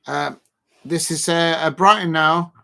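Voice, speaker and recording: A man giving rambling, casual live commentary on a match and shouting out viewers by name. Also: on the high side, steady tone, unhurried, vocal fry. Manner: rambling, chatty, lots of fillers, shouts out viewers. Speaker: live stream host.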